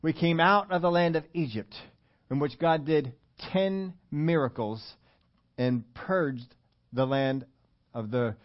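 A man's voice: fairly high pitch, highs cut off. A man preaching a sermon in a conversational way, asking the congregation questions as he goes. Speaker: pastor.

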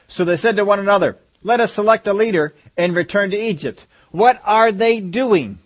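A man's voice: sits high, animated, a little fast. A man preaching a sermon, asking the congregation rhetorical questions and driving his points home with emphasis.

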